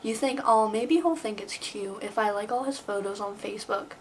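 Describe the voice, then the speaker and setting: A woman's voice: medium pitch, moderate pace, slight background noise, rough recording. A young woman making a comedic vlog, playfully telling stories and acting out silly excuses. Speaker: vlogger.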